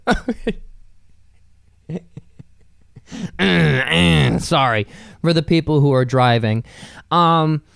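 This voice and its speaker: Young male podcast host, casual rambling storyteller, smooth tone, dry and close. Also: on the high side, no echo. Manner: rambling and loose, with frequent fillers and swearing. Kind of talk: casual solo podcast monologue.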